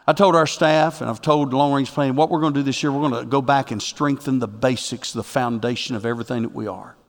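Pastor guy preaching, slightly high voice, big church echo, goes from quiet to loud and fired up. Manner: builds from quiet reflection to loud, rising exhortation. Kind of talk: sermon.

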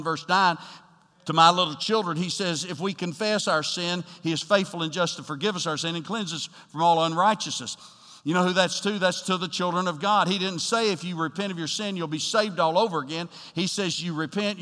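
Bright-voiced man preaching in an echoing hall. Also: high-pitched. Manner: preaching with rising emphatic bursts and direct address. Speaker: pastor. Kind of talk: sermon.

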